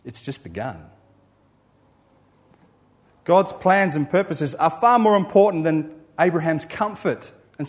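A man preaching a sermon, building emphatic lists and then dropping to a quiet, low close. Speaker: pastor.

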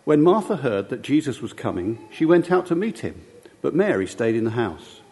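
A man reading a scripture passage aloud in church, steady and careful. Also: mid-range voice, normal speed. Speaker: scripture reader.

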